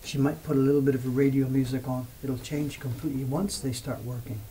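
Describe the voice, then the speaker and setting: A man's voice: mid-range voice, level tone, fairly quick, mellow, a little hiss or hum, low-quality recording. A man in his seventies from England, chatting casually on a livestream, rambling through memories and answering viewer questions. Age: 70s. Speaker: livestream host. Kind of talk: casual storytelling chat.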